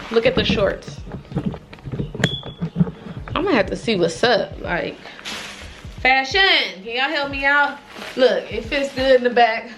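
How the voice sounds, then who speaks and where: Expressive young woman vlogger, faint music. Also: a little high, measured pace, pauses often, rough recording. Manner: expressive, exclaiming, frustrated, chatty with viewers. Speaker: fashion vlogger. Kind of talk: casual try-on haul chat.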